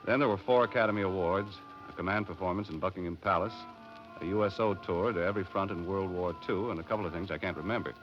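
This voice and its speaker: A man's voice: low voice, fast talker, music in the background, lightly acted. An actor playing a laid-back boat captain who narrates his own story, in a 1950s radio drama with an old, dull broadcast sound. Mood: calm. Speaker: narrator and lead character.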